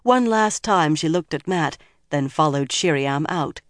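Steady audiobook narrator, dry sound. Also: mid-range voice, measured pace, no room sound. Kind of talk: scripted narration.

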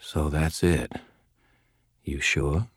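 A man doing a gruff, folksy old wizard. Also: low voice, expressive, moderate pace, dry recording, clean studio sound. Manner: folksy, plain-spoken drawl.

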